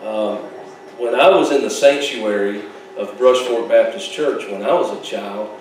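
A male pastor preaches in a relaxed, folksy way, mixing jokes into his points. His voice rings out from a little distance in a very echoey church sanctuary, with faint room noise behind. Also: fairly low pitch, measured pace. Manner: folksy, joking asides with laughs. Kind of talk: sermon.

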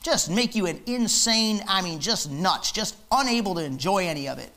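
A man's voice: high voice, animated, moderate pace, bright, forceful tone. A man preaching a fiery, emphatic sermon in church, hammering his points with repetition. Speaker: pastor.

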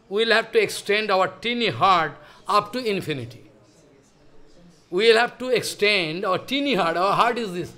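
A man's voice: high-pitched, fairly bright tone. A man giving a devotional sermon as a spiritual teacher, speaking in simple, repetitive non-native phrasing with frequent restarts.

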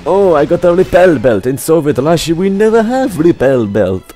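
A man's voice: a little high, sing-song, moderate pace, warm tone, faint music behind, voice pushed up. A man putting on a comic Russian voice as a grandiose Soviet man, speaking stiffly and pompously into a headset mic. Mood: mock boastful.

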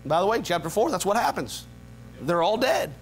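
Male pastor, higher register, emphatic sermon delivery, faint background hum. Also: sing-song, normal speed. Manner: preaching with rising emphatic build-ups; leads a quiet low prayer. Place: church sanctuary.

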